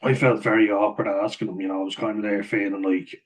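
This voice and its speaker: Guy vlogging, rambly storytelling, lots of swearing and chuckles, kinda low and monotone. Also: quick pace, few pauses, low-quality recording. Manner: swears freely, laughs often mid-sentence.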